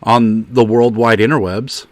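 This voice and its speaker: A man's voice: medium pitch, fairly even intonation, unhurried, no echo. A man from the US South hosting a stream, chatting casually and slipping into playful put-on accents. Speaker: streamer host. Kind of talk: casual chat.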